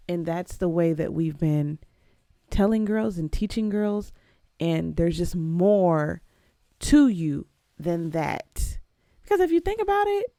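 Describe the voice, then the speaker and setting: A young adult woman talks through her solo podcast in a lowish, gravelly voice with a mellow tone. She is casual and emphatic, and often leaps up in pitch to stress a point. The sound is dry and close. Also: no room sound. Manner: emphatic and conversational, with sudden jumps up in pitch. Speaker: podcast host.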